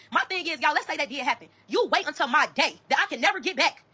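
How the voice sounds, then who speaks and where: This woman has a high voice and a Chicago accent, and she talks fast with few pauses. She tells viewers a story in a blunt, profane way, acting out the dialogue and quoting it with animation.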